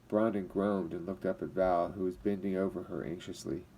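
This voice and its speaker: A man reading a chapter book aloud to children, expressive and giving each character a voice. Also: deep voice, normal speed, hardly any pauses, a little hiss or hum, rough recording.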